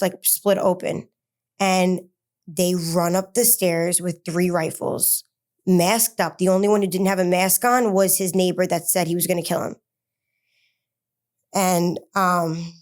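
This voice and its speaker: A woman, an interview guest, recounting a personal story in a halting way, with many fillers and restarts and rushed bursts of words. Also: on the low side, a little mellow.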